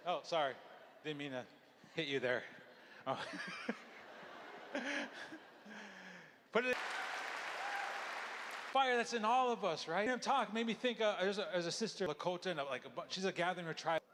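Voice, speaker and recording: Man from Oklahoma, emcee, high animated voice, crowd faint behind. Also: fairly quick, pauses often, noisy background. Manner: loose, excitable, joking. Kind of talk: live stage hosting. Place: large theatre stage. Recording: theatre with crowd.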